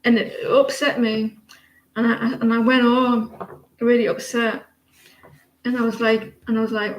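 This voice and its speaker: A woman's voice: fairly high pitch, flat delivery, unhurried, pauses often, reverberant, highs cut off. An Irish woman in her forties giving a chatty, rambling live tarot reading, with many restarts. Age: 40s. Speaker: tarot reader.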